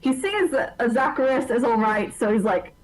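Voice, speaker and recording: A woman's voice: fairly high pitch, expressive, moderate pace, low-quality recording. A woman playing a tabletop game, loosely describing what her character thinks and does. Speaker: player. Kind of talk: tabletop role-play chat.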